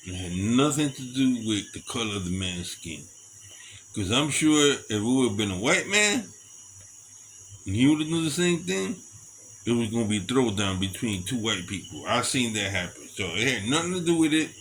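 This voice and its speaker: A middle-aged man talks in a loose, rambling monologue at a medium pitch, animated and quick to chuckle as he goes. Faint crickets and insects hum behind him. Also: poor audio. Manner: animated, chuckles often between stories. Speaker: storyteller. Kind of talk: casual monologue.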